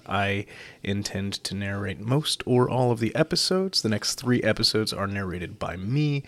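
A man hosting a story podcast, reading a short story aloud after relaxed, self-deprecating remarks. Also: lowish voice. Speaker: podcast host and narrator.

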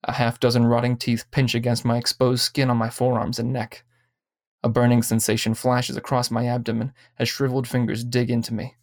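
A man narrating short stories aloud with steady, even pacing. His voice is mid-pitched, and the recording is close and dry, with no room sound. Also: brisk, no room sound. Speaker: story reader. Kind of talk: scripted narration.

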